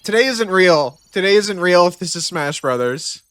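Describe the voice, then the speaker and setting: Excitable man reacting to a stream. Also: high-pitched, normal speed, no echo. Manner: overexcited, exclaiming and repeating himself. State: teary, says he is in tears. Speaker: streamer reacting to a game showcase.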